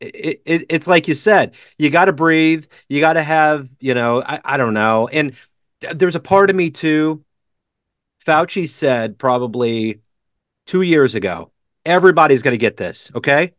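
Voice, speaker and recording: A man's voice: fairly high pitch, unhurried, fairly bright tone, no echo. Chatty male podcast host, dry sound. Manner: friendly, chatty, agreeable. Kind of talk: scripted intro then casual interview.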